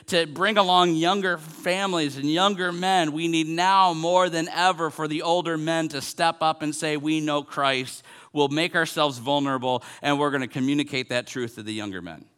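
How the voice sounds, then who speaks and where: A man's voice: on the high side, steady tone, moderate pace, hardly any pauses, a bit bright, clear, resonant tone. A man in his forties, a pastor, preaching a sermon in an earnest way, repeating phrases and building to emphatic peaks. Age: 40s.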